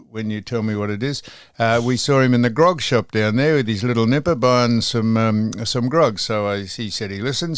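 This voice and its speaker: A man's voice: mid-range voice, clear, resonant tone, no room sound, studio quality. An older Australian man hosting a podcast in casual chat, rambling with many ums and restarts. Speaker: podcast host.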